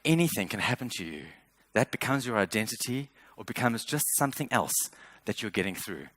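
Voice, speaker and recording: A man's voice: mid-range voice, expressive, a little fast, fairly bright tone, no room sound. A man in his fifties giving a motivational keynote speech. He speaks earnestly and with emphasis, and sometimes repeats words as he builds a point. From South Africa. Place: stage at a speaker showcase.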